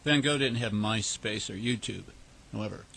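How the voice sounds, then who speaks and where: A man on a radio show, quickly chiming in and agreeing in the studio conversation. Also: lowish voice, creaky, fairly bright tone. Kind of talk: casual radio interview.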